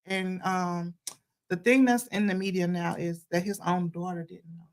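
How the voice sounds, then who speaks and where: A woman's voice: fairly low pitch, fairly even intonation, moderate pace. Woman panelist explaining news carefully. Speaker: panelist on a faith and news show. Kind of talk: casual news chat.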